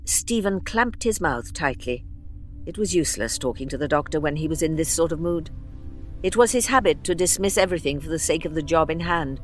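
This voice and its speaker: A man reading a science fiction story aloud in a measured, steady narration. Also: a little high, soft background music. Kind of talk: scripted narration.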